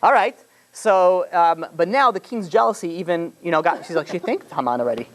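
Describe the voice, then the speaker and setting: Fast-talking rabbi, rambling story. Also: male voice, high voice, lively intonation, noisy background. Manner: rambling, full of "you know" fillers and restarts. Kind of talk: casual storytelling lesson.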